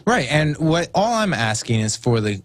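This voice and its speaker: A man speaking as a talk show guest, recounting events in a measured, plain way. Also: fairly high pitch, sing-song, a little hiss or hum.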